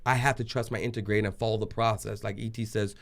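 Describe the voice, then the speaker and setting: A man telling stories as an interview guest, animated and laughing often, acting out the people in his stories. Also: on the low side, fast. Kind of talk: casual storytelling interview.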